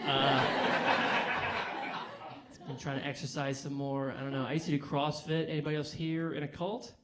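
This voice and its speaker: A young man with a somewhat high voice tells stand-up stories in a dry, deadpan way, then gets loud working the room. He speaks into a handheld stage mic at a brewery show. A live crowd laughs clearly behind him. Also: normal speed. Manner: deadpan storytelling, rising to loud crowd work. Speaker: stand-up comedian. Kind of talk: stand-up comedy set.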